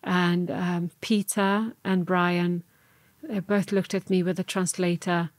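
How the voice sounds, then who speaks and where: A woman's voice: lowish voice, flat delivery, measured pace, dry recording. A woman from Serbia, a podcast guest telling her own story in an earnest, reflective way. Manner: earnest, reflective, re-enacts her past self's words. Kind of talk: personal storytelling in an interview.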